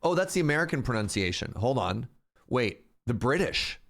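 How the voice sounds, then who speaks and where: A man's voice: mid-range voice, sing-song, normal speed, a bit bright. A man streaming a game live, chatting playfully with his viewers. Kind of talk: casual live-stream chat.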